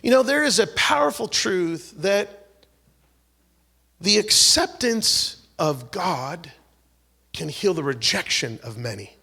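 Male preacher, high bright voice, gravelly edge, loud then whispering, acts out quotes. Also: lively intonation, slow pace. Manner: swings from loud exhortation to hushed whispered prayer; acts out quoted voices, repeats words and restarts. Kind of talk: sermon.

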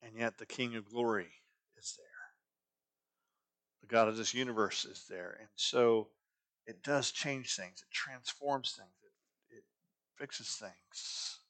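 A man's voice: mid-range voice, takes it slowly, pauses often, fairly bright tone. A middle-aged man preaching a sermon as a pastor, talking conversationally and asking the congregation rhetorical questions.

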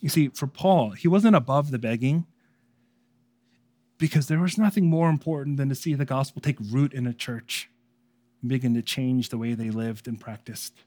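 A man preaching a sermon as pastor, speaking conversationally and moving between raised emphasis and hushed earnestness. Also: medium pitch, moderate pace, no echo.

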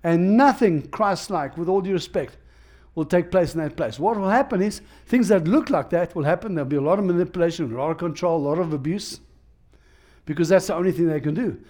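A male preacher delivering a sermon with a voice pitched a little above the usual for a man. He presses his points through repetition and restarts, speaking in a plain, conversational way with emphasis. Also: animated, a little fast, darkish tone.

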